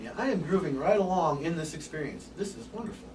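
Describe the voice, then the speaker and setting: A man giving an open forum lecture to a live group, animated and casual, swearing now and then and acting out little scenes. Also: a little high, fast, few pauses, reverberant. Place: room with an audience. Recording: distant mic with background hiss.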